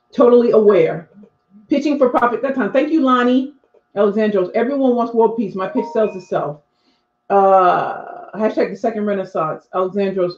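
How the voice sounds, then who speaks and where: A woman's voice: mid-range voice, a little mellow. A woman in her forties, a speaking coach, chatting live with her viewers and talking straight to them. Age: 40s. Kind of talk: live stream chat reading viewer comments. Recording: echoey room, dull lo-fi sound.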